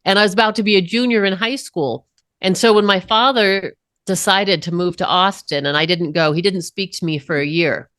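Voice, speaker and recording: A woman from Colorado, a podcast guest telling a personal story in an earnest, unhurried way with emphatic pauses. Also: fairly low pitch, a bit bright, no echo, clean studio sound. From Colorado, USA.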